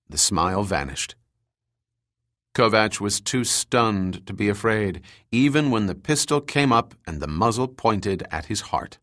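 A man reading an audiobook in measured scripted narration. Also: fairly low pitch, lively intonation, a bit bright, no echo, studio quality.

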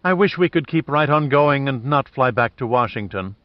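A man reading the lines of a brisk, affectionate woman, near his own voice, on a dull dry recording. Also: medium pitch, expressive, no room sound, natural voice. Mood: wistful.

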